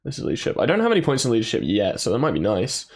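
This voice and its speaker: A man's voice: medium pitch, wildly swooping pitch, rapid-fire, vocal fry, slightly rough. A man giving casual, jokey let's-play commentary and reading game text aloud. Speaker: gaming YouTuber. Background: game soundtrack music.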